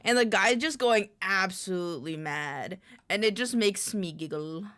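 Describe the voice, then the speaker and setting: A woman's voice: mid-range voice, measured pace, fairly bright tone, no room sound. A woman streamer in casual live-stream chat at a desk microphone, rambling, muttering lists to herself and greeting her chat.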